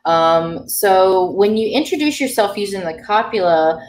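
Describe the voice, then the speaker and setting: A woman's voice: medium pitch, animated, measured pace, a little mellow. A woman teaching a beginner language class, explaining grammar patiently with frequent ums. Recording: roomy sound from a distant mic.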